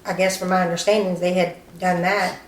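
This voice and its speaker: A woman recounts events in an interview, her voice a little low. She speaks haltingly with many "um"s and acts out the lines of others as she tells it. The sound is echoey with faint background noise. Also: flat delivery. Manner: halting, acts out quoted dialogue, frequent "um" and "you know". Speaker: interviewee, sister of the victim.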